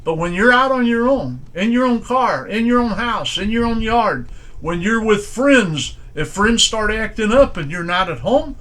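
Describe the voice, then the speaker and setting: High-voiced man preaching folksy sermon. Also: lively intonation, moderate pace, a bit bright. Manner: folksy and conversational, strings of rhetorical questions; plain everyday grammar. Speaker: pastor. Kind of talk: informal sermon.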